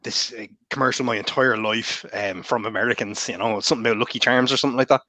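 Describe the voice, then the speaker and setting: Irish man, casual podcast guest, quick rambling talk, dry close sound. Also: medium pitch, steady tone, pushed and bright, no echo. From Ireland. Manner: rapid, rambling, heavy on fillers and swearing. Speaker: guest author.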